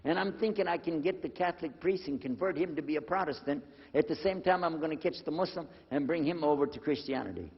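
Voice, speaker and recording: An older man telling a personal story to an audience, lively and acting out the dialogue in a husky voice. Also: on the high side, fast talker, few pauses. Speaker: speaker telling his conversion story. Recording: dull lo-fi recording with long hall reverb.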